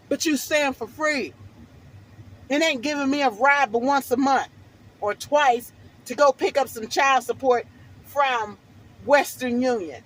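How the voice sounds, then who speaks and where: A woman's voice: sits high, unhurried, a bit bright, poor audio. Fervent woman giving personal testimony. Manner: fervent, preachy and emphatic. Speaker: vlogger.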